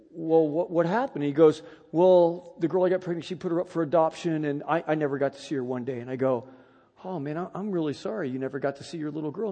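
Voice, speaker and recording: A middle-aged man preaching a sermon, telling a personal story with animated, emphatic delivery. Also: high-pitched, slightly rough, big-room sound. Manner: animated storytelling, rising to loud emphatic peaks.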